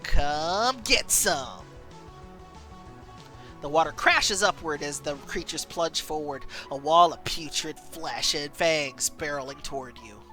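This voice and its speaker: A woman streamer reading a story game aloud and chatting between scenes, animated. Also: deep voice, normal speed, few pauses, faint music behind.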